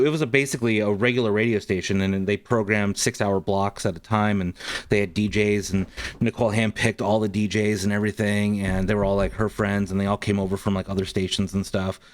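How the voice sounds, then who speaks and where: A man's voice: fairly low pitch, fairly even intonation, brisk. A man guest on a podcast, telling a story casually with many ums and likes. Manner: rambling, frequent ums and likes.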